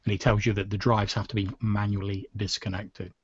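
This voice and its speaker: A man's voice: lowish voice, flat delivery, fairly quick, breathy edge, dry recording, muffled recording. A man running a tabletop game as game master, narrating scenes at length with many "sort of" hedges. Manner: descriptive, with frequent "sort of" hedges.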